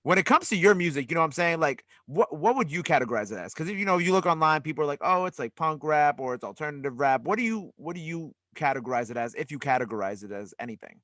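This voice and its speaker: A man hosting an interview, asking eager questions quickly and restarting his sentences often. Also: fairly high pitch, animated, fairly bright tone, no echo, studio quality. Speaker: interview host. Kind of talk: casual interview chat. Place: interview studio.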